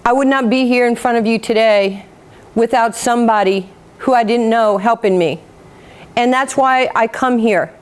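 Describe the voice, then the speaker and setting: A woman in her fifties from New York gives a motivational speech, telling her life story with animated, self-mocking humor and acting out the people in it. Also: on the high side, normal speed. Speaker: motivational speaker.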